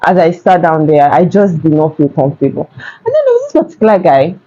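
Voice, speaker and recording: A young Nigerian woman talks straight to her phone camera, chatty and animated as she tells a story. Her voice is low and mellow. The sound is somewhat dull and lo-fi. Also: a little fast. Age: young adult. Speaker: vlogger. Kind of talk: casual storytime.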